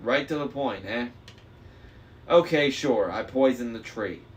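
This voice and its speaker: A man's voice: mid-range voice, lively intonation, unhurried, close to an everyday voice. A man voicing a smug young traitor. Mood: mocking. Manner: smooth, mocking, persuasive. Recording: faint noise, slightly distant mic.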